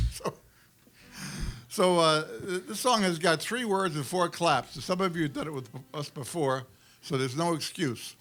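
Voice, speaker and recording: A man's voice: on the high side, measured pace, pauses often, fairly bright tone. A man performing with an acoustic duo, joking with the crowd and coaching them through a clap-along song. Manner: jokey, coaxes the crowd, counts in and teaches claps. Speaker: performer leading an audience sing-along. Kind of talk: joking stage banter.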